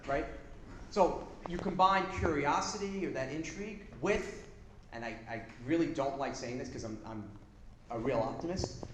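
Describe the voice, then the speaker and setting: A man giving a live workshop talk to an audience, casual, energetic and blunt, now and then swearing. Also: on the high side. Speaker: seminar presenter. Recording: echoey room with background noise.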